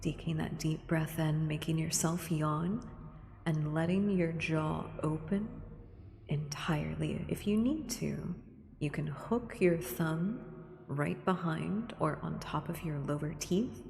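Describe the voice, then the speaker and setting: A woman streamer talking gently in a soft ASMR style, often slipping into a whisper. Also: low voice, slow, creaky, slight background noise. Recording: echoey room with long reverb.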